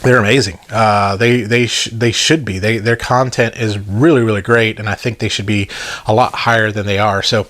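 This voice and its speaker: A man's voice: lowish voice, steady tone, moderate pace, a bit bright. A man with a Southern accent hosting a toy review channel, talking casually and enthusiastically to viewers with joking asides. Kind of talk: casual vlog chat to viewers.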